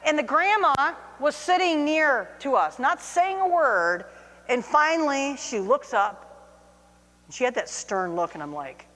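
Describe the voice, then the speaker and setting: A middle-aged woman telling a personal anecdote, lively and self-mocking, acting out her own reactions. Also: sits high, a little slow. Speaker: storyteller. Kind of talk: personal anecdote told to camera. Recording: long hall reverb.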